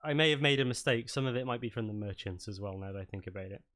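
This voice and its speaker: A man narrating a tabletop game as its game master. He rambles and restarts his sentences, with a voice pitched in the middle range for a man. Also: fast, a bit bright. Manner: rambling, many fillers and restarts.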